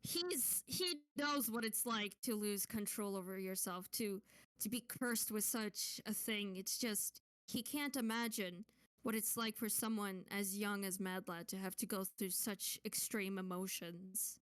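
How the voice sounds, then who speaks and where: A woman's voice: medium pitch, unhurried, a bit bright, clean tone, no room sound. A woman player in a tabletop game, narrating her character's actions in a casual, chatty way.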